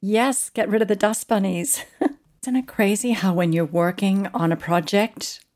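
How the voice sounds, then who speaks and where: An Australian woman hosting a podcast, gracious and even in her interviews and sign-off. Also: medium pitch, unhurried. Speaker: podcast host. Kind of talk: interview and scripted outro.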